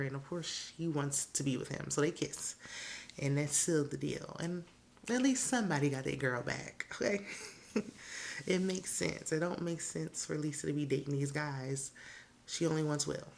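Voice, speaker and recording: A woman recaps a TV episode in a casual, talkative way. Her voice sits low and has a gravelly rasp. She gives her strong opinions freely and laughs at her own asides. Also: moderate pace, darkish tone, a little hiss or hum. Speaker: TV recap host.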